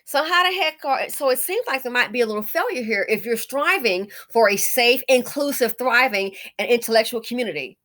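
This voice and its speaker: A woman's voice: a little high, lively intonation, fairly quick, hardly any pauses, a bit bright. A middle-aged woman in casual commentary, indignant and emphatic, repeating her points and calling the listener honey.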